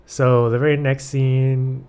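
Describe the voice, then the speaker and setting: A man's voice: mid-range voice, slow, clear, resonant tone. A male podcast host talking through a film in a loose, chatty way. He fills his talk with "like" and slips into acted quotes. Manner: animated, acts out quotes, lots of "like". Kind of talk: casual film discussion.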